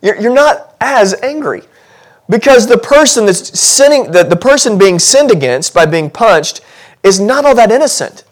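A man delivering a sermon in a church, his voice sitting a little higher than most men's. He talks to the congregation in a loose, conversational way, then builds to animated intensity as he presses his point. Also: moderate pace. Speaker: pastor. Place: church sanctuary.

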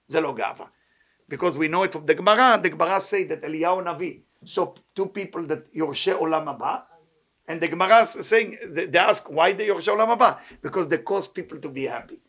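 A man with a non-native English accent gives a Torah lesson at a brisk clip. His voice sits a little high, and his sentences tumble out quickly. He is fervent, full of rhetorical questions, and rattles off Hebrew text readings. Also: a bit bright. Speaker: rabbi teaching a weekly lesson.

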